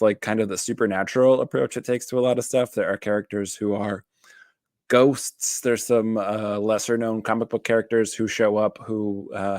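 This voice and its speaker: A rather low-pitched man talks through a casual show review in a loose, rambling way, full of fillers and restarts. His voice is recorded close and dry, with no room sound around it. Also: dry recording. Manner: rambling, filler-heavy, self-interrupting. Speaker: therapist reviewing a TV series.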